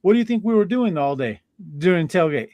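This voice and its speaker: A man hosts a sports talk show in a loose, energetic way. He fills his sentences with "uh" and "like" and laughs easily. His voice sits on the higher side and sounds dry and close. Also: fairly quick, no echo, muffled recording. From Denver. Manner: animated, laughing, filler-heavy talker. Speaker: podcast host. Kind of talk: casual chat.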